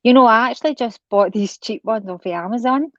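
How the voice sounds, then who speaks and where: Scottish woman, caller, soft-spoken, dull muffled sound, dry. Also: on the high side, a little fast, no room sound. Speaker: livestream guest caller. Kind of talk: casual chat.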